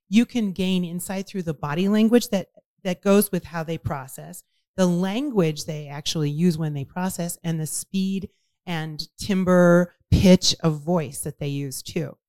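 A woman co-hosting a podcast, calmly explaining how voice and body language come across. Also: lowish voice. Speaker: podcast co-host. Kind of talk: casual chat.

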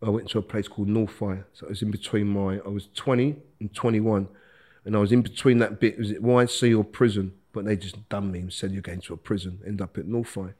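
A middle-aged man, telling stories as a podcast guest in a casual, animated way, acting out quotes and laughing as he talks. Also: fairly low pitch, brisk. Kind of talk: casual storytelling.

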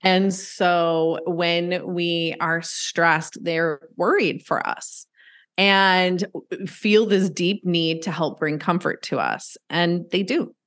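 A woman's voice: lowish voice, takes it slowly, fairly bright tone. A woman guest on a podcast, an animal intuitive, explaining things in an earnest, fond, conversational way. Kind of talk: interview conversation.

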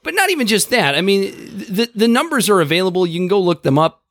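A man's voice: sits high, very animated, fast talker, a bit bright, dry recording. A man co-hosting a casual political talk show, making dry sarcastic quips. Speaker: podcast co-host.

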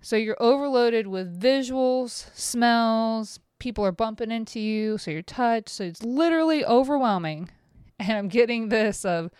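A middle-aged woman hosting a podcast alone, rambling and self-mocking in casual talk, swearing freely, recorded on a close mic in a quiet room at home. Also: a little high, measured pace, clear, resonant tone, no echo. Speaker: podcast host. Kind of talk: casual solo podcast monologue.

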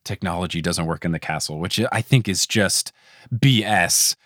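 A man in his late twenties hosting a casual podcast, joking and animated. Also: normal speed, no room sound, studio quality. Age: 20s. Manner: animated, jokey, swings pitch up and down. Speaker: podcast host.

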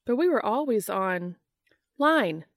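A woman's voice: mid-range voice, expressive, slow pace, no room sound, studio quality, pitched above the performer's own voice. A woman reading an audiobook, voicing a brash, teasing woman friend in a raised, emphatic voice. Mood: mock indignant.

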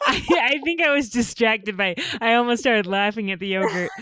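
A woman's voice: on the high side, fairly bright tone. A woman hosting a podcast, talking in an upbeat, casual way and laughing easily. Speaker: podcast host. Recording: music playing behind the voice.

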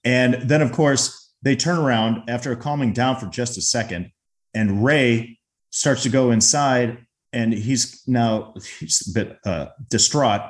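A man's voice: medium pitch, a little slow. A man casually recapping a favorite comedy film scene, chatty and full of restarts. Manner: chatty, retells scenes with acted quotes. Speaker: film commentator.

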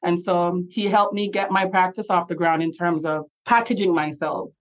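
Young Jamaican woman with a lower voice, chatty. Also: fairly even intonation, moderate pace, lo-fi sound. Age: young adult. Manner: chatty, laughs often, quotes herself and others. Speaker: lawyer guest. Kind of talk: casual interview storytelling.

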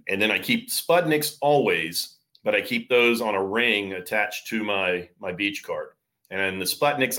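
A man's voice: on the low side, fairly bright tone. A man from Florida who guides surf fishing charters, giving easygoing interview answers full of fillers and restarts. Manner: easygoing, explains with many fillers.

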